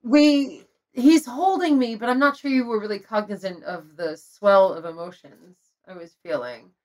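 A woman in a podcast conversation, telling a personal story in an open, confessional way. Her voice sits at a medium pitch, and she laughs now and then as she talks. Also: animated, normal speed, darkish tone. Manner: emotional, confessional, laughs between lines.

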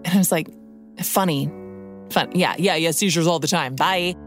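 A woman's voice: fairly low pitch, moderate pace, soft background music. A woman guest casually telling a personal story with wry humor, saying "like" again and again.

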